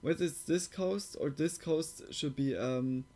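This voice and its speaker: A man chats casually on a live stream as he reacts to a video, rambling and padding his thoughts with filler words. His voice sits fairly high and he talks slowly, drawing out his words. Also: darkish tone. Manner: rambling, heavy use of "like" fillers.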